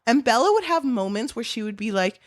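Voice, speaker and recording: A woman co-hosting a casual book podcast, animated and swearing freely, breaking into laughter. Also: a little high, brisk, no echo, studio quality. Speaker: podcast co-host.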